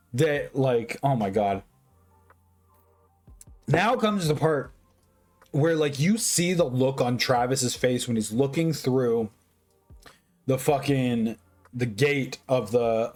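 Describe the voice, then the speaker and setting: A man's voice: mid-range voice, darkish tone. A drunk man giving a casual movie review, rambling and profane, full of restarts.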